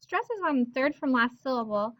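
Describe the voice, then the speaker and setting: A woman teaching Spanish pronunciation rules to her viewers, upbeat and sounding out example words slowly with emphasis. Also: sits high, big pitch swings, lo-fi sound. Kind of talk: explaining pronunciation rules to camera.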